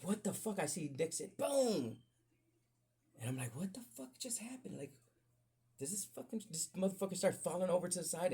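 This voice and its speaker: A man hosting a podcast, telling a profane, animated story in casual talk that jumps up high when he gets excited. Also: husky. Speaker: podcast host.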